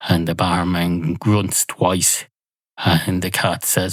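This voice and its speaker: A male podcast host rambling through a deadpan, absurd comic story. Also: low voice, takes it slowly, no echo.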